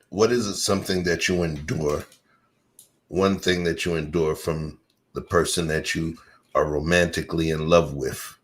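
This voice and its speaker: A man hosting a casual chat and telling stories in a loose, animated way. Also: deep voice. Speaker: host.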